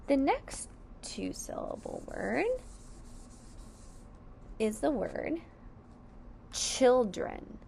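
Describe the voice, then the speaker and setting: A woman's voice: a little high, vocal fry, a little hiss or hum. A woman teaching a phonics lesson to young children, sounding out each word syllable by syllable with careful enunciation.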